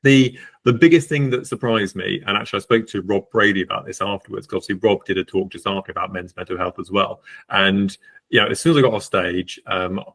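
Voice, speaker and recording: Fast-talking low-voiced Englishman. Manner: fast, animated, lots of fillers and restarts. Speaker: podcast guest, estate agent. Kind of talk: candid conversational storytelling.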